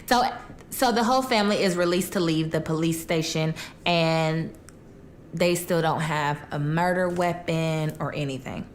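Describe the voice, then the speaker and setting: A woman's voice: on the low side, steady tone, normal speed, a little hiss or hum. Chatty young woman telling a crime story. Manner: chatty, colloquial, acts out quotes. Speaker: mukbang true crime storyteller. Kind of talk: casual true crime storytelling while eating.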